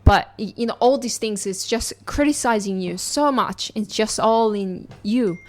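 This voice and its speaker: A woman's voice: mid-range voice, measured pace. A young woman hosting a podcast, a mother who speaks to listeners in an earnest, reassuring, encouraging way.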